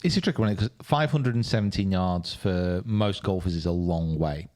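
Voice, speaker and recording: A man's voice: deep voice, normal speed, a little mellow. A man co-hosting a golf podcast, talking in casual, jokey banter. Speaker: podcast co-host.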